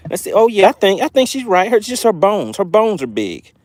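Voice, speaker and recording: A man hosting a live fishing stream from a boat on a lake, excitable and playful as he reads the chat aloud. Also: high-pitched, a little fast, noisy background. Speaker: fishing channel host.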